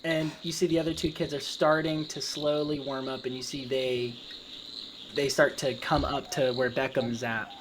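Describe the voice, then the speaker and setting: A man's voice: medium pitch, flat delivery, moderate pace, background noise. A man narrating as game master with rambling, filler-heavy descriptions.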